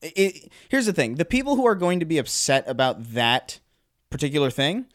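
A man's voice: a little high, lively intonation, a little fast, dry recording, clean studio sound. A man co-hosting a casual gaming podcast, giving his opinions in a conversational way, often restarting his sentences. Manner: conversational, hesitant, many restarts. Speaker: podcast co-host.

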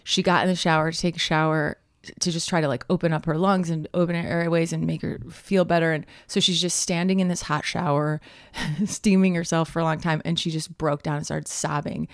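A woman in her thirties co-hosts a podcast in a casual chat. Her voice sits a little low, and she tells stories in an animated way, full of "like" and "um". The close studio mic sounds dry. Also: fairly quick, dry recording. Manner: chatty, animated storytelling with many fillers and laughs. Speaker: podcast co-host.

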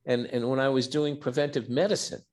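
A man's voice: medium pitch, fairly quick. An older man, a physician and author, telling personal stories as a podcast guest, acting out dialogue and often restarting his words. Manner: animated storyteller who acts out dialogue, with repeated starts. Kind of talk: candid interview storytelling.

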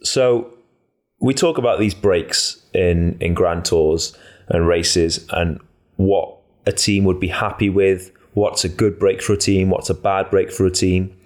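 A man with a very low voice chats loosely on a podcast. He rambles and restarts, filling gaps with ums. The tone stays easygoing and conversational. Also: fairly even intonation, measured pace. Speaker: podcast co-host, cycling pundit. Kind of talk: casual podcast chat.

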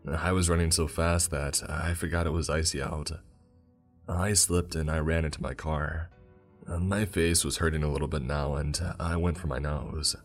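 A man narrating a first-person horror story in a calm, steady manner. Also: extremely low pitch, moderate pace. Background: faint music.

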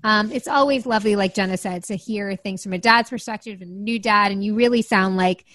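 A woman's voice: medium pitch, a little fast, a bit bright, no room sound. A woman in her thirties co-hosting a podcast, chatting casually and easily. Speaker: podcast co-host. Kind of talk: casual chat.

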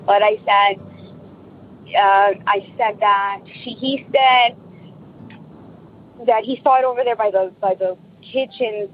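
A woman's voice: mid-range voice, slow pace, long pauses, muffled recording, slight background noise. A woman telling a personal ghost story in a casual, rambling way, full of fillers and restarts.

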